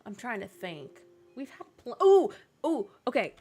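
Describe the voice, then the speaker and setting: A woman's voice: on the high side, unhurried. A young woman streaming a game, chatting casually and telling stories with lots of laughter. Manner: giggly, animated storytelling. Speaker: streamer and co-host. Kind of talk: casual chat while gaming.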